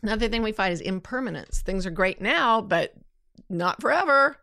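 A woman's voice: mid-range voice, fairly quick, a bit bright, no echo, clean studio sound. A woman hosting a talk, answering listener questions in a candid, self-deprecating way. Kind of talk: reflective casual talk.

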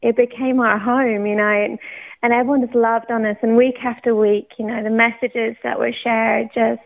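A woman with a fairly high voice tells her faith story with lively storytelling, acting out what she once thought. The sound is thin and narrow, like a phone line heard over the radio. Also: moderate pace, creaky. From United Kingdom. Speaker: interview guest. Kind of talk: personal faith testimony.

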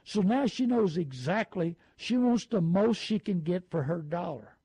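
Middle-aged guy giving car advice, folksy, high-ish raspy voice, mellow tone. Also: measured pace, few pauses, dry recording, poor audio. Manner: folksy storytelling, lively put-on quotes. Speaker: car buying advisor.

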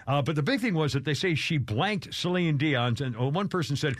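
A man's voice: a little high, lively intonation, a little fast, hardly any pauses, no echo. A man hosting a radio show in casual banter, rambling and joking, laughing often.

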